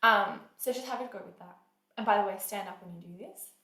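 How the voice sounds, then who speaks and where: Chatty woman explaining singing technique, crisp bright tone, roomy echo. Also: medium pitch, fairly quick. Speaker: singing teacher. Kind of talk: casual vocal lesson. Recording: echoey room.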